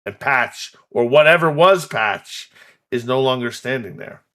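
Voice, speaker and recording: Slow, bright-voiced male game master. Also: mid-range voice, animated. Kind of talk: narrating a tabletop game.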